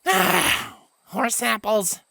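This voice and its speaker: A woman's voice: on the high side, sing-song, extremely slow, vocal fry, sharp tone, no echo, studio quality, full character voice. A woman voicing a boastful, showy female unicorn mare in a fanfiction reading, who talks about herself in the third person and exclaims dramatically. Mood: exasperated.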